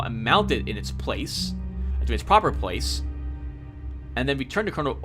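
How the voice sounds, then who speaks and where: A man doing casual game commentary, excitably explaining the rules aloud and reading out the game text. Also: medium pitch. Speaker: let's play host.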